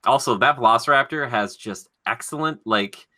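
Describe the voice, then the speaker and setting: Bright-voiced young male podcast host. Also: mid-range voice, normal speed. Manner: animated, laughing, playfully acting out movie quotes. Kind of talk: casual chat, running a movie quote quiz.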